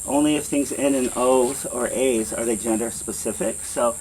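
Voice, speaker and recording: A man teaching a beginner language lesson in a classroom, patiently repeating example phrases slowly. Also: medium pitch, fairly even intonation, a little mellow, a little hiss or hum. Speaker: Spanish teacher.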